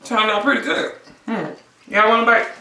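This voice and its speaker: A woman's voice: a little high, steady tone, moderate pace, sharp tone. A woman hosting a mukbang eating vlog from home, exuberant, breaking into song and cheers, then murmuring over her food. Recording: echoey room, mic at a distance, faint hiss.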